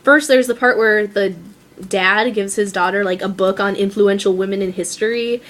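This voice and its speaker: A woman's voice: medium pitch, steady tone, normal speed, fairly bright tone, slight background noise. A young woman vlogging in a casual, gushing way, filling her talk with "like" and "um" and acting out movie lines in little voices. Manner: many fillers like "like" and "um". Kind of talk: casual chat to camera.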